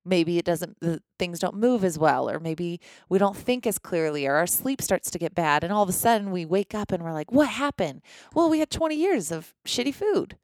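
A woman's voice: fairly low pitch, expressive, moderate pace, hardly any pauses, darkish tone, dry recording, studio quality. A woman coaching on fitness and nutrition in a motivational podcast monologue, talking earnestly and conversationally with frequent restarts and the odd swear word. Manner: occasional swearing.

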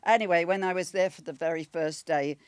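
A woman's voice: fairly low pitch, steady tone, a little fast. Chatty Welsh woman in her eighties. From Wales. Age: 80s. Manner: chatty, rambling, with laughs and restarts. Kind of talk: personal storytelling.

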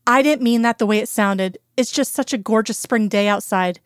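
A woman voicing a chatty, insistent Southern woman, higher and brighter than her narration, in an audiobook reading. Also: moderate pace, clean tone, dry recording, studio quality, lightly acted. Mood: flustered. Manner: bubbly, insistent, higher-pitched.

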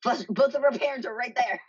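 Breathy woman co-host with dull sound. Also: fairly high pitch, normal speed. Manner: laughs often, chatty reactions. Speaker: podcast co-host. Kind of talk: casual chat recapping a TV episode.

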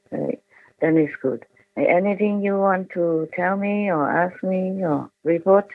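A man's voice: high voice, slow, dry recording. A man speaking as a spiritual teacher over the phone to his followers, emotional, pleading and repeating his words. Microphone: telephone. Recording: tinny phone line.

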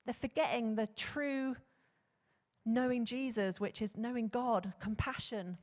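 A woman preaching a sermon, animated and conversational, often posing rhetorical questions to the congregation. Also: fairly high pitch, a little slow. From England. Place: church hall. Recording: long hall reverb.

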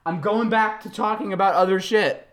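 Solo podcaster ranting, rambly, lots of likes and laughs, mumbly then loud. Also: medium pitch, fairly even intonation, moderate pace. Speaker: podcast host.

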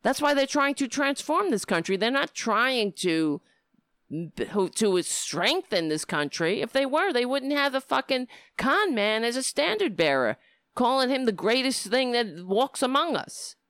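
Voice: mid-range voice, sing-song, unhurried, fairly bright tone, clear, resonant tone, dry recording, clean studio sound. A middle-aged livestream host talking straight to viewers, ranting in a heated, profane way and sometimes slipping into easygoing chat. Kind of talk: casual livestream talk.

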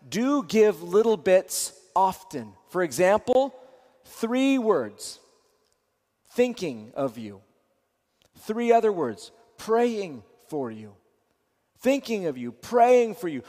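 A man with a notably high voice gives earnest sermon-style teaching. He repeats his phrases and often restarts mid-sentence. His voice carries a long reverb, as if in a large hall. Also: darkish tone.

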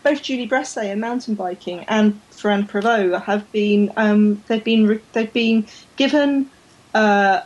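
Woman, podcast co-host, chatty, slightly high voice. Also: rough recording. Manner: chatty, laughs often, stumbles over names. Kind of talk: casual chat.

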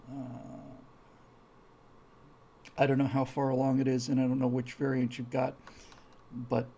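Gravelly heated male stream host. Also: medium pitch, dark tone. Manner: heated, emphatic, repeats words when worked up. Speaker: live stream host reading viewer comments. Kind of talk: rambling opinionated commentary.

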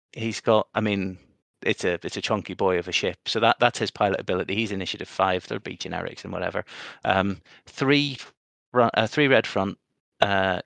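A man's voice: lowish voice, creaky, a bit bright, no room sound. A man co-hosting a casual gaming podcast, rambling and often repeating words as he restarts his sentences. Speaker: podcast co-host.

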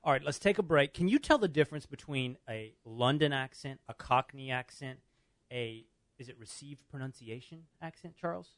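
A man's voice: medium pitch, lively intonation, moderate pace, dry recording. An American man hosting a radio talk show, chatting casually and teasing his guest. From United States.

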